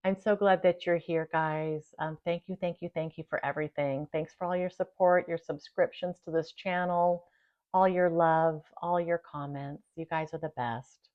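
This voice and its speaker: Low-voiced woman chatting to camera. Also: fairly even intonation, moderate pace, lo-fi sound. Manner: chatty, warm thanks to viewers, easy laughs. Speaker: channel host. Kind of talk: casual talk to camera.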